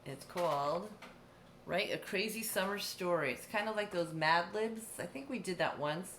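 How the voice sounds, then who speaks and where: A woman's voice: lowish voice, normal speed, a bit bright. A middle-aged woman teacher giving a distance-learning lesson, patiently explaining step by step with examples. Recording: echoey room, faint background hum.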